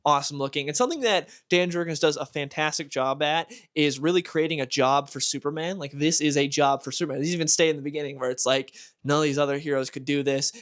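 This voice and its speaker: A man's voice: fairly high pitch, fairly bright tone. Enthusiastic young man reviewing comics. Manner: enthusiastic, gushing. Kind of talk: casual review vlog.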